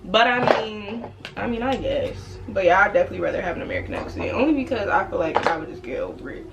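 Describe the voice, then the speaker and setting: A young woman from the Washington DC area chatting while doing her makeup, telling stories in an animated way and putting on playful voices. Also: mid-range voice, fast talker, creaky. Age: young adult. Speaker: beauty vlogger. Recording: noisy home recording.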